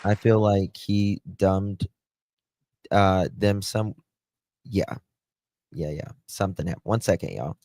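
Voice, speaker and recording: A man's voice: low-pitched, slow pace, pauses often, darkish tone. A man hosting a casual livestream, chatting with viewers and greeting them by name, often trailing off and restarting his sentences. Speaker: livestream host.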